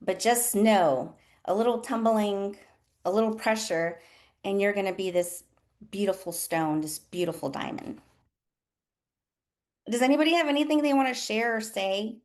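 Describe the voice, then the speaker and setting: A woman's voice: medium pitch, normal speed, darkish tone. A woman who works as a nurse coach, hosting a candid motivational talk with a group and swearing freely in an earnest, emotional way. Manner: talks to listeners as y'all.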